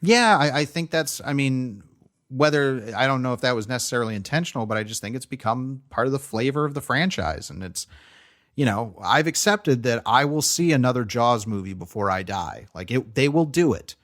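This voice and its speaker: Casually reviewing films on a podcast he co-hosts, a young man keeps restarting his sentences and fills them with "um" and "like". His middle-range voice moves a little fast, and the talk stays relaxed.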